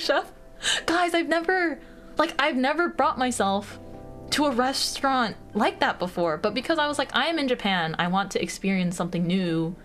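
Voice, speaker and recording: A woman's voice: high voice, expressive, normal speed, fairly bright tone. Woman, young adult, American accent, bubbly, giggly, lots of fillers, casual stream chat, faint music. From United States.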